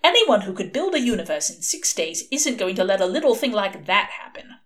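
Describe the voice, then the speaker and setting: A woman reader doing a scheming male demon, rambling and excitable, whose voice climbs into questions and swoops about. He sounds wry and restless, in a storybook reading. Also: mid-range voice, brisk. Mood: worked up.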